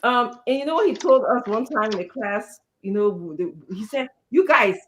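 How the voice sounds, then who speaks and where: Woman guest, a bit high-pitched, reflective and conversational. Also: animated, moderate pace, a little hiss or hum. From Liberia. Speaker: show guest. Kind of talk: live talk show chat.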